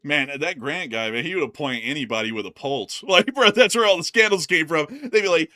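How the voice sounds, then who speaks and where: A man's voice: on the high side, animated, brisk, few pauses, sharp tone. An American man co-hosting a channel, chatting casually and rambling with lots of "like" and "man" between laughs. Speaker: co-host of a news commentary channel. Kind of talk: casual chat.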